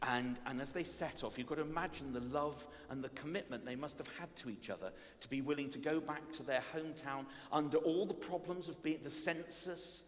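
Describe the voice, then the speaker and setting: A man's voice: on the high side, a little fast, hardly any pauses. Playful male preacher in a reverberant church. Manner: animated, self-mocking, storytelling. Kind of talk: playful family service talk. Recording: long reverb of a church hall.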